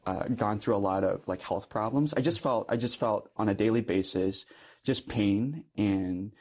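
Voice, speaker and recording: Young male priest, conversational storytelling, earnest, laughs often, lowish voice. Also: normal speed, a little mellow. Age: young adult. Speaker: Catholic priest.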